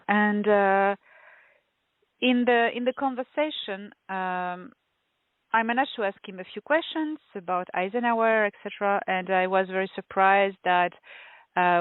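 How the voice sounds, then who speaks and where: A woman being interviewed as a guest, telling her story in a halting way, with many fillers and restarts and frequent laughter. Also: medium pitch, dry recording. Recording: tinny phone-like line.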